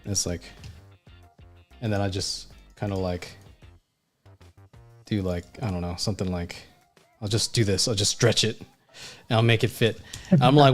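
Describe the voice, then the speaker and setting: On a livestream with faint music in the background, a male art instructor and designer speaks at medium pitch and normal speed, pausing often. His talk is blunt, profane and casual, heavy with fillers such as "you know what I mean," and he rambles emphatically, restarting sentences frequently.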